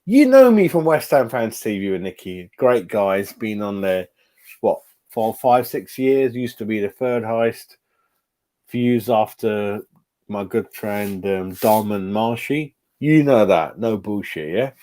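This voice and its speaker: Sweary animated man in his forties. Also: fairly low pitch, unhurried. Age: 40s. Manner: sweary, animated, talking to chat. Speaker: fan channel host. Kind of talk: live stream reaction.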